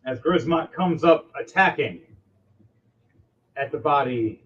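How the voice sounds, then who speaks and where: A man runs a tabletop game as game master, narrating in an excitable, rambling way full of fillers. His voice sits a bit high. The recording is muffled and lo-fi, with faint music beneath. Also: slow, pauses often. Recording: dull lo-fi sound, faint music.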